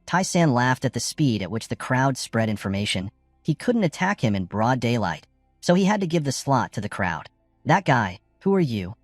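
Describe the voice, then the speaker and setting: Lively male recap narrator. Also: normal speed, dry recording, clean studio sound, soft background music. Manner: lively, jumps pitch for quoted lines.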